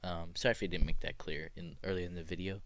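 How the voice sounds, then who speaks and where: A young man presenting an animal tier list in a casual, excitable way, often rising into loud mock outrage. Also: sits low, quick pace, no room sound. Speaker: student presenter.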